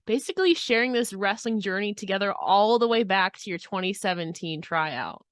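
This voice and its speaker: A woman's voice: medium pitch, lively intonation, moderate pace, no echo. A woman hosting a podcast, asking friendly, chatty questions. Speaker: podcast host. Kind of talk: casual interview chat.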